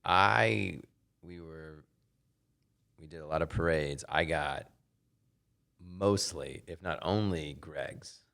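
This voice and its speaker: A man's voice: extremely low pitch, takes it slowly, vocal fry, pauses often. A man, a politician from Ohio, telling stories in a casual chat as a podcast guest. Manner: animated anecdote teller, laughs often. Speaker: congressman and guest.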